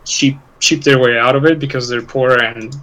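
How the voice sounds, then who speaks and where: A man's voice: medium pitch, steady tone, moderate pace, fairly bright tone, rough recording. A man co-hosting a podcast, rambling in casual chat with lots of swearing and laughter. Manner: rambling, profane, laughs often. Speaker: podcast co-host.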